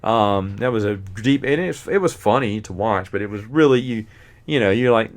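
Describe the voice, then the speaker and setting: A man's voice: on the low side, expressive, normal speed. A man, casually reviewing movies as a host, rambling and often forgetting names.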